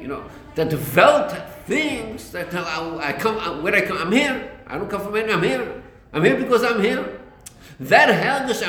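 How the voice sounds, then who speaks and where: A man's voice: sits high, a bit bright. Man, teacher, text study lecture, restarts and repeats, Yiddish and Hebrew terms, echoey room. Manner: searching for words, repeating himself, full of Yiddish and Hebrew terms. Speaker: teacher of a Chassidic discourse.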